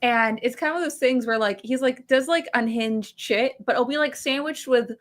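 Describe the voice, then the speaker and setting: A young woman co-hosting a podcast, telling a story in an animated, casual way with lots of fillers and swearing. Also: on the high side, normal speed. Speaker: podcast co-host.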